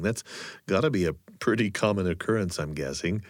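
A man's voice: deep voice, fairly even intonation, fast, dry recording, studio quality. A male radio host, amused and chuckling easily, narrating from a script and asking his guest questions.

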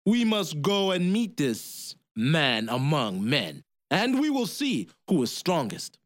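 A man voicing a proud, boastful strongman in a storybook tale, speaking slowly and low. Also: wildly swooping pitch, a bit bright, no room sound, clean studio sound, heavily acted. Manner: slow and boastful.

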